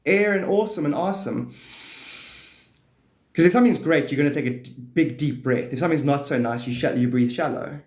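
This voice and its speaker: A man hosting a live stream, rambling playfully about spirituality and now and then jumping into high excited bursts. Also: fairly quick. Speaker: livestream host. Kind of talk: rambling spiritual livestream talk. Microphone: phone or desk mic on a live stream. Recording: echoey room.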